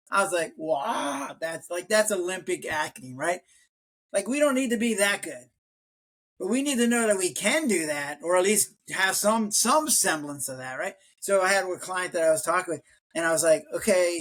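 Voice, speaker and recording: An older man speaks as a retired physician, guesting on a podcast in a relaxed, chatty way. He tells stories and acts out the quoted lines, jumping up in pitch and volume for them. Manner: animated storyteller, acts out quotes in raised voice. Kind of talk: casual interview talk.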